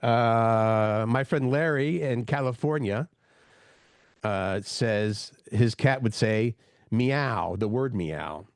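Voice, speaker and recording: A man's voice: mid-range voice, slow pace, no room sound, clean studio sound. A man co-hosting a morning radio show, chatting casually and rambling into jokes.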